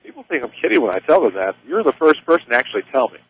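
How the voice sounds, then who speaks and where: A man calling play-by-play for a high school baseball game on local radio, easygoing and chatty. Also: rapid-fire, slightly rough, no echo, poor audio. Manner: easygoing, chatty, excited on big plays. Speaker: play-by-play announcer.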